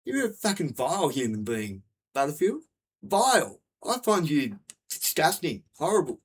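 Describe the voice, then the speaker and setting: Aussie bloke going off on a sweary rant, kinda high voice, keeps repeating himself. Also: male voice, big pitch swings, moderate pace, slightly rough. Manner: blunt, sweary, repetitive. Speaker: vlogger. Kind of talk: angry profane rant.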